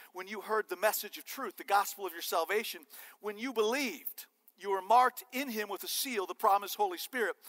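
A male preacher delivers an animated sermon, cracking jokes as he teaches. His voice sits high and sounds bright and forceful. The sound rings with the long reverb of a church hall. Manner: animated and joking. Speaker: pastor. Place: church sanctuary.

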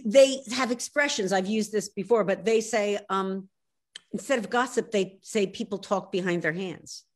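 An author in her sixties, originally from Philadelphia and carrying its accent, is a guest in a video call interview. Her voice is a little high, and she comes across as animated and emphatic while repeatedly restarting sentences.

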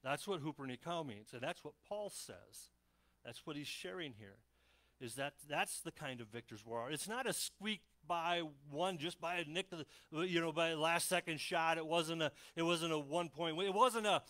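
A man preaching a lively sermon, his voice bright and forceful and sitting a little above the usual male register. He stumbles and restarts often. He drops into little voices to act out stories. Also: a little high, moderate pace. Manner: animated, acts out Bible scenes in voices; frequent restarts and fillers. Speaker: pastor.

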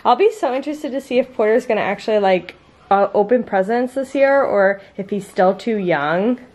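A woman's voice: mid-range voice, expressive, normal speed, darkish tone. A young woman casually chatting in a home vlog, with lots of "like" and "um" fillers. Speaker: vlogger and mother. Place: family home indoors.

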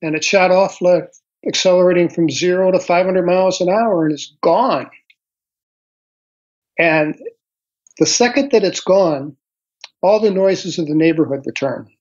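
A man in his sixties, a guest author recounting a personal experience slowly and thoughtfully, pausing often with ums and uhs. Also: sits high. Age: 60s. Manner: slow, reflective storytelling with frequent pauses and fillers. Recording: dull lo-fi audio.

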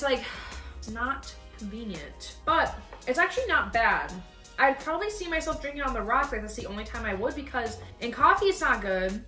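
A woman's voice: on the high side, bright, forceful tone. A young woman chatting casually and bluntly as she taste-tests food for her vlog. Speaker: vlogger. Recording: echoey room, mic at a distance. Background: faint music.

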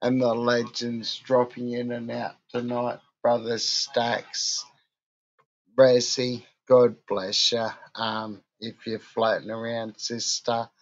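A drunk Australian man rambles and rants with heavy swearing and a slurred, crude delivery. His voice is gravelly with fry and drawls along slowly. The recording sounds dull and lo-fi. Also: medium pitch, little pitch movement. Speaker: vlogger. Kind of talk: rambling casual monologue.

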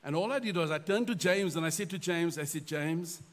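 Pastor guy, middle-aged, highish voice, telling a story on himself, lively and self-mocking. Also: fast talker. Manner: animated storyteller, self-deprecating. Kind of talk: storytelling in a sermon.

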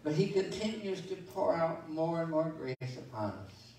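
A man's voice: fairly high pitch, big pitch swings, a little slow, dark tone, a little hiss or hum. A man preaching a sermon as pastor, folksy and conversational, telling stories and reading scripture with many restarts and asides. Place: church sanctuary. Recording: echoey church sanctuary from far off.

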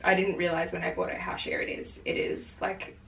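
A woman's voice: fairly low pitch, flat delivery, a little fast, gravelly, fairly bright tone, recorded from a distance. A woman in her twenties chatting with a friend, mostly giving short, easygoing replies and teasing now and then. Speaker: friend being styled. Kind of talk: casual chat. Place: indoors at home by a wardrobe. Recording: roomy, off-mic, faint room hum.

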